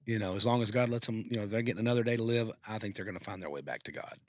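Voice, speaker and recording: A man with a somewhat low voice talks quickly through an emotional personal story, stumbling and restarting as he goes. The sound is dry and close, with no room echo. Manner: emotional, heartfelt, rambling with restarts. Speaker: podcast co-host. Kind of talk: casual storytelling.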